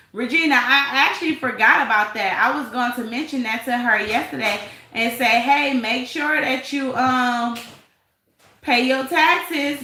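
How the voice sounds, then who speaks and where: A woman hosts a live stream, reading chat and gossiping in a sassy, laughing manner as casual commentary. Her voice is a little high and sharp, and the low-quality recording sounds roomy.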